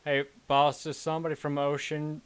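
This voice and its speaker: A man's voice: fairly high pitch, completely flat delivery, normal speed, clear, resonant tone, pitched above the performer's own voice, close to an everyday voice. A man voicing a hesitant male warehouse guard who stumbles over his questions. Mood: unsure. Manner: hesitant, fumbling.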